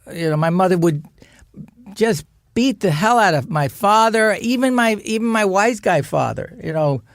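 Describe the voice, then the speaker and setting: A man, a podcast guest, telling an animated, profane family story. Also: high voice, normal speed, no room sound, studio quality. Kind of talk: anecdotal storytelling.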